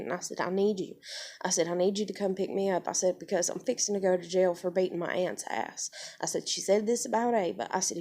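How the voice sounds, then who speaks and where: A woman's voice: mid-range voice, mellow. A young woman, telling a heated personal story on her vlog, swearing freely and quoting others as she goes. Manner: heated, profane, quotes others. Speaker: vlogger.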